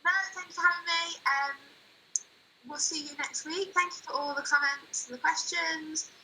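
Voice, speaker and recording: A woman's voice: high voice, steady tone, moderate pace, sharp tone, a little hiss or hum, low-quality recording. A woman from Ireland co-hosting a casual football chat stream, giggly and hesitant. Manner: giggly, hesitant, lots of fillers. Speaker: co-host of a football chat show.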